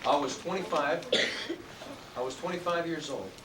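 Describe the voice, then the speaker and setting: A man giving a motivational talk to young students, drawing out key words and prompting them to answer back. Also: a little high. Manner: call-and-response, drawn-out emphatic words. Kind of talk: motivational talk to a youth audience. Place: indoor room with students and adults. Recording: echoey room, distant mic, noisy.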